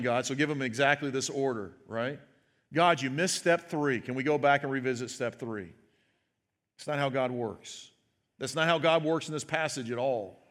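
A man's voice: fairly high pitch, a bit bright. A pastor preaching a sermon in a conversational way, asking his listeners "right?" and acting out the quoted words. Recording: long hall reverb.

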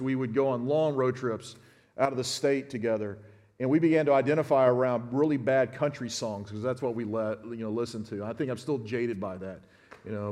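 A man's voice: mid-range voice, a little mellow, in a large hall. A man in his fifties giving a sermon as a pastor, teaching in a conversational way and speaking straight to his congregation. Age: 50s. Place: church sanctuary.

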